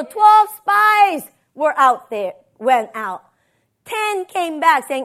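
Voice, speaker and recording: A woman's voice: high-pitched, sing-song, takes it slowly, a bit bright. A woman pastor giving a conversational sermon, telling personal stories and often checking in with "right?". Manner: personal storytelling, tags lines with "right?".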